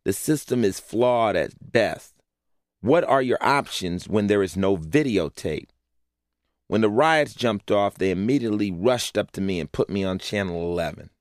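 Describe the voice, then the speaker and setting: A man's voice: on the low side, lively intonation, normal speed, no echo, clean studio sound. A man narrating a personal essay in a blunt, profane way, often asking rhetorical questions. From Los Angeles, USA.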